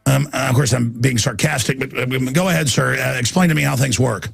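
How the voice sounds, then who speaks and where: A man's voice: mid-range voice, brisk, vocal fry, hardly any pauses, fairly bright tone, breathy edge, no echo, faint music behind. A man hosting a call-in radio talk show, ranting and sarcastic as he takes callers. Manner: ranting, sarcastic, mocking put-on voices.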